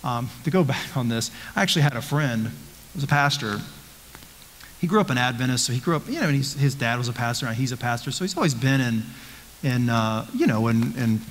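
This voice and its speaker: A man's voice: medium pitch, expressive, brisk, fairly bright tone, long reverb tail, slight background noise, rough recording. A man, a pastor, teaching a conversational Bible study with rhetorical questions and frequent restarts. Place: church.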